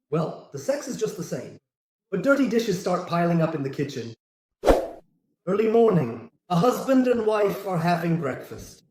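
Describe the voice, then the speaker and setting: A man reading a string of short jokes aloud in a flat, scripted way. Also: fairly high pitch, roomy sound, heavy background noise. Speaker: joke narrator.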